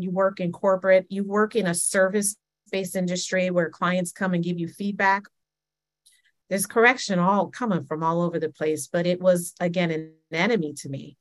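A woman, emphatic and repetitive, calling listeners "honey" and "child". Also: on the low side. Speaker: church speaker. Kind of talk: personal testimony sermon.

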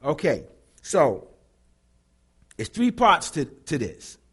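A pastor preaching with call-and-response, animated and bursting into shouts. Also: male voice, fairly high pitch, slow pace, breathy edge. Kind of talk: sermon.

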